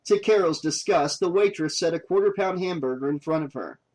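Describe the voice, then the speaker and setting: A man narrating an audiobook in a steady, even reading voice. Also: on the high side, fairly quick, poor audio. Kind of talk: scripted narration.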